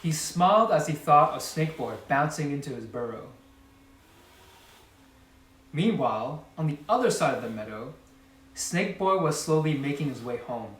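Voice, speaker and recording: Guy reading a kids book out loud, super animated, roomy far-off sound. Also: fairly high pitch, normal speed, pauses often. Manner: lively, expressive reading. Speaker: storybook reader. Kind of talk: children's story read-aloud.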